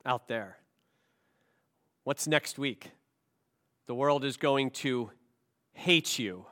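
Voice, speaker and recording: A man delivers a sermon as a pastor, his voice at medium pitch. Rhetorical questions fill it, and his volume and pace move between quiet and slow and loud and emphatic.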